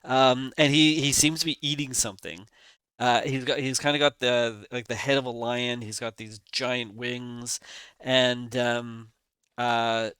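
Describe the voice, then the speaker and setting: A man's voice: mid-range voice, fairly even intonation, unhurried, bright, forceful tone, clean tone, dry recording. A man running a tabletop game as dungeon master, narrating in a rambling, hesitant way with many fillers, speaking over an online call.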